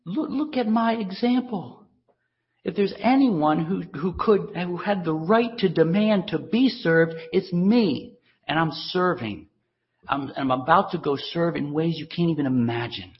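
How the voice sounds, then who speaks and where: A man's voice: a little high, animated, unhurried. A man preaching in the first person as a male teacher pleading with his followers, earnest and emphatic. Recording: dull lo-fi recording.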